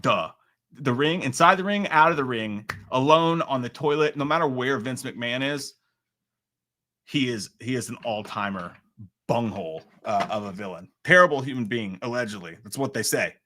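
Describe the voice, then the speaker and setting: A man in his thirties chats alone on a home livestream and reads viewer comments aloud. He rambles and pokes fun at himself, jumping between loud outbursts and quiet asides. His voice sits in an ordinary middle pitch and comes across bright and forceful. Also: lively intonation, normal speed. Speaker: livestream host. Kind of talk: solo livestream chat reading viewer comments.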